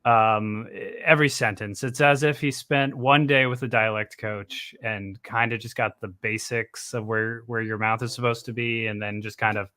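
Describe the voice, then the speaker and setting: A man with a bright, forward voice cohosting a casual livestream. He chats in a wry, joking way, quick to tease and riff on what the others say. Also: on the low side, fairly even intonation. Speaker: co-host.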